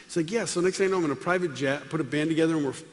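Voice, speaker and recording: A middle-aged man tells a comic story to a live audience, acting out every character with changing voices. His voice sits a little high for a man and carries a long reverb from a large hall. A faint hum of room noise runs underneath. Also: rapid-fire. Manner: animated, acts out dialogue with voices. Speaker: speaker giving a testimony.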